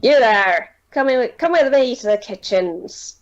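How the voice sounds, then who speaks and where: A gruff male boss snaps orders impatiently, as a woman running a tabletop game puts him on. He talks loudly and curtly. The sound is dull and lo-fi. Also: fairly high pitch, animated, unhurried, a little hiss or hum. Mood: bossy. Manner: brusque, impatient.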